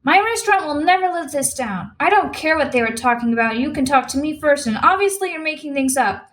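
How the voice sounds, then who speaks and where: A woman voicing a short, stocky, hot-tempered Italian male restaurant manager who talks in an Italian accent and turns shrill and spluttering. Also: very animated, normal speed. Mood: furious.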